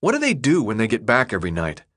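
A restless teenage boy with no memory, pressing earnest question after question. A man reads him in an audiobook. His voice sits a little high and moves around a lot. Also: wildly swooping pitch, fast, fairly bright tone. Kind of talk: audiobook character voice.

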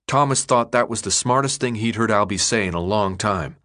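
A man reading an audiobook in scripted narration with a steady, even delivery. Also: lowish voice, brisk.

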